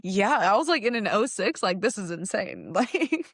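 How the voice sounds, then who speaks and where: A woman's voice: medium pitch, moderate pace, no room sound, clean studio sound. A young adult woman telling a story in casual chat, laughing often and acting out what people said. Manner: animated, laughs often, acts out quotes. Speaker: podcast guest.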